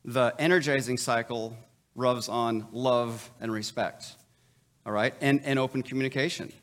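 A man's voice: mid-range voice, fairly even intonation, normal speed, a bit bright, in a large hall. A middle-aged male pastor giving a conversational sermon, with frequent stammered restarts and chuckles at his own stories.

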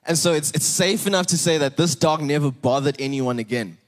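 A man's voice: fairly high pitch, brisk, few pauses. A young man with a South African English accent, preaching a sermon in a conversational way, often restarting and checking in with "right?".

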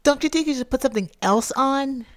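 A skeptical, disapproving partner asks pointed questions in a raised, pinched pitch, as a man acts the part in his talk. The delivery is sharp and needling. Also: fairly quick.

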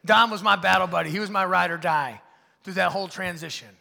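A man preaching a conversational sermon in a church, swinging between loud bursts and hushed asides. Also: sits high, fast, gravelly, long reverb tail. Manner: animated, swings from loud to hushed, acts out voices of others. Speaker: pastor.

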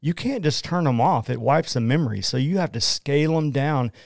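A man's voice: medium pitch, animated, fairly quick, gravelly, a little mellow, no room sound, clean studio sound. A man with an Oklahoma accent, a guest on a radio show, talking casually and energetically, often saying "man" and "you know". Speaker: guest, entrepreneur. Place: small studio.

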